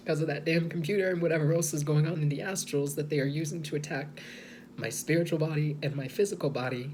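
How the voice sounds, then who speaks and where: A man speaking slowly and hesitantly in a personal video monologue, softly and with many pauses and restarts. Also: a little high, fairly even intonation, a little hiss or hum. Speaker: vlogger.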